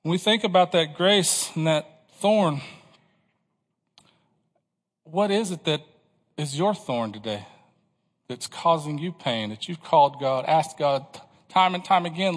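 A man's voice: a little high, lively intonation, measured pace, pauses often, long reverb tail. A man preaching a sermon to his congregation, asking questions and pressing his points with emphasis. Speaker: pastor.

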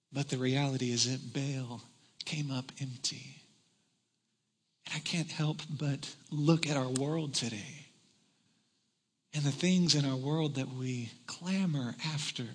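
A man preaching a sermon to a large congregation, retelling a story with dramatic swings between shouting and hushed tones. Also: on the high side, long reverb tail. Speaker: pastor. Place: large church hall.

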